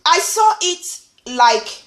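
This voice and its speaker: A woman from Nigeria with a Nigerian accent, talking in an animated vlog monologue and often repeating words. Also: extremely high pitch, drawn-out words, echoey room. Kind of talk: casual monologue.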